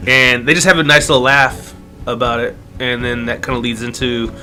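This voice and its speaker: Bright-voiced man eagerly recapping. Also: mid-range voice, little pitch movement, normal speed, soft background music. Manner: enthusiastic, rambling retelling with fillers. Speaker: podcast co-host. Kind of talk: casual chat.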